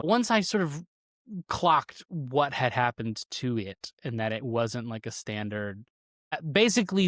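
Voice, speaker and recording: A man's voice: medium pitch, fairly bright tone, no echo, clean studio sound. A man co-hosting a podcast, telling loose stories from archives work with casual swearing and laughter.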